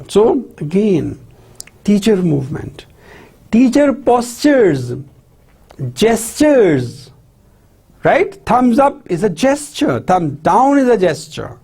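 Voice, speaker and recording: Lecturer, slow and lively pitch, keeps asking "right?" and "clear?". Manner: constant checking questions like "right?" and "clear?"; asks questions and then answers them. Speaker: university lecturer. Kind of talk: classroom lecture on teaching skills.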